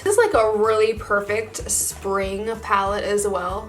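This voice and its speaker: A woman's voice: medium pitch, moderate pace, hardly any pauses, soft background music. A young woman chatting casually in a get-ready-with-me makeup video, gushing and full of filler words. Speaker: beauty vlogger.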